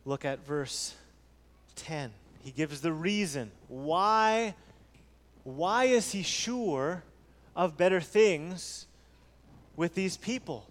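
A man preaching a sermon earnestly, repeating key phrases and swinging between soft low passages and raised emphatic ones. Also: expressive, drawn-out words. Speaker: pastor. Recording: long hall reverb.

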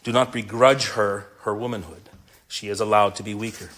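A man's voice: lowish voice, steady tone, a little fast, fairly bright tone. A middle-aged male pastor delivering a sermon to men, earnest and mixing in a humorous personal story.

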